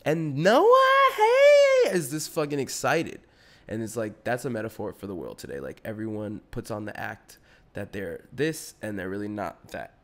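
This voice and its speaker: A man's voice: lowish voice, expressive, moderate pace. A young adult man hosting a podcast solo, rambling in a slangy, profane, casual way. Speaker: podcast host.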